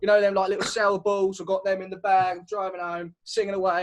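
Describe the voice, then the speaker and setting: A man's voice: sits high, completely flat delivery, a little fast. A man, a podcast co-host telling stories in casual chat and laughing often. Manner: laughs often, storytelling with sung and acted bits.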